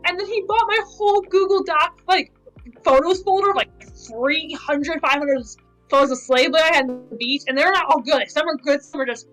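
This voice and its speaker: A woman's voice: high voice, fairly quick, a bit bright, soft background music, low-quality recording. A woman cosplayer chatting casually on a podcast, telling stories full of "like" fillers. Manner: chatty storyteller, many "like" fillers. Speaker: cosplayer guest.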